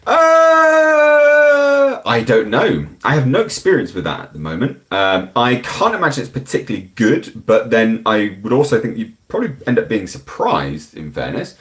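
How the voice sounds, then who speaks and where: Animated, blunt British man streaming. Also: on the low side, a little fast, few pauses. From United Kingdom. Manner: rambling, blunt and frank, animated. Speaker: live streamer host. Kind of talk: casual live-stream chat answering viewer comments.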